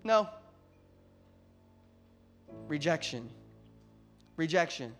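A man preaching a sermon, building to loud emphatic peaks and acting out Bible dialogue. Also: a little high, lively intonation, very slow, soft background music. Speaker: pastor.

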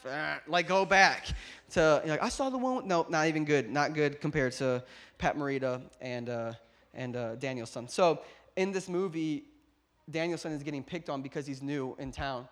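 A young man with a high voice preaches to his congregation. He slips easily between casual, self-amused storytelling and loud, rising exhortation. His delivery is playful and energetic. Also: moderate pace. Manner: playful, laughs at his own jokes. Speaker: pastor. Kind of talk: storytelling sermon.

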